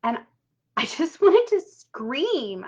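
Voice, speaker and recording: A woman's voice: high-pitched, very animated, slow pace, a little mellow. A woman coaching a live money workshop, chatty and emphatic, often tagging on "right?" and casual swearing. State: tearful at times. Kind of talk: casual live-stream teaching. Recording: dull lo-fi live-stream audio.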